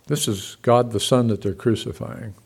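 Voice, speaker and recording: A man preaching a sermon, talking conversationally to his listeners, swinging from loud emphatic peaks to soft, quiet asides. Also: mid-range voice, steady tone, moderate pace, creaky, slightly rough. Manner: conversational, asks the congregation questions. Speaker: pastor.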